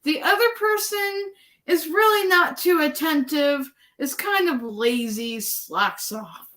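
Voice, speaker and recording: A woman's voice: high-pitched, takes it slowly, fairly bright tone. A woman hosting an interview show over a video call, framing her questions with long examples. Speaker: podcast host.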